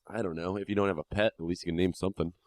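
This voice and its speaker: A man's voice: deep voice, fairly even intonation, rapid-fire, darkish tone, no echo, clean studio sound. A man co-hosting a podcast in casual chat, sarcastic and laughing often. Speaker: podcast co-host.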